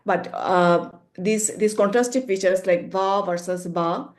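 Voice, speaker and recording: A woman's voice: medium pitch, a little slow. Woman giving an academic talk. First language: Bengali. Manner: explanatory, peppered with "like", demonstrating sounds aloud. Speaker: conference presenter. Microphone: video call.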